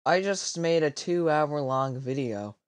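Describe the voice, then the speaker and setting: Deadpan hesitant man hosting a game. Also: fairly high pitch, unhurried. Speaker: host. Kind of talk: casual chat while playing a drawing game.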